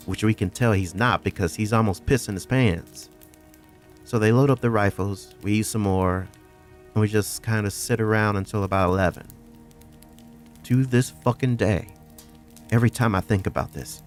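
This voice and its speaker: A man narrating a first-person horror story in a profane, conversational way. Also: on the low side.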